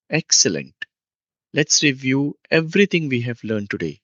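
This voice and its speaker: A man teaching a beginner language lesson, speaking slowly and patiently and repeating each phrase for the listener to copy. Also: mid-range voice, lively intonation, fairly bright tone, no echo. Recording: dull lo-fi dry sound.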